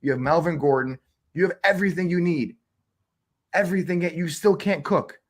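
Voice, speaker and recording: A man co-hosting a fantasy football show, ranting in an animated, exasperated way with big jumps in pitch. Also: brisk. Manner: exasperated, uses cooking metaphors. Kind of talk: animated sports chat.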